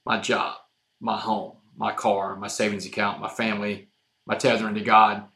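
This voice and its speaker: A man telling his own story as a podcast guest, intense and emphatic, going from hushed lines to shouted ones. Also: on the low side, level tone, moderate pace. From Texas. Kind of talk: dramatic storytelling.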